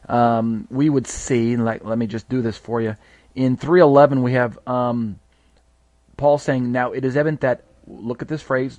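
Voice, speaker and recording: A man leads a live Bible study, explaining step by step with frequent fillers and restarts. His voice sits at a middle pitch. The sound is dry and close, with no room echo. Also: a little mellow.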